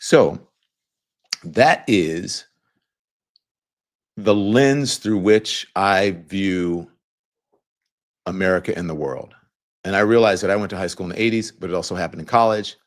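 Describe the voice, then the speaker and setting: A man in his fifties with a very low, deep voice hosts his show and talks straight to his viewers. He tells a story at an easygoing pace, with loose phrasing and plenty of filler words. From Louisiana, US. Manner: relaxed storytelling, conversational, many fillers. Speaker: show host. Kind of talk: casual monologue to viewers.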